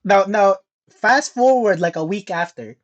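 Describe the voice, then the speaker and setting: A little slow and high-pitched, a young man's voice comes through lo-fi sound as he co-hosts a podcast. He tells a story casually, swearing heavily and laughing in an animated way.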